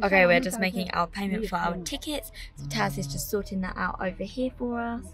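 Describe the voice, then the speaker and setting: A woman's voice: mid-range voice, fairly even intonation, fairly quick, a loud crowd. A woman chatting in a bubbly, explanatory way as a travel vlogger outdoors at a mountain scenic area. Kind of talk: casual travel vlog.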